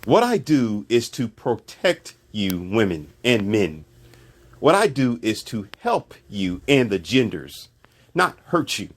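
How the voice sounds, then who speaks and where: A man's voice: lowish voice, big pitch swings, slow pace. A man hosting a commentary channel, ranting about society in a sarcastic, emphatic way and repeating his points.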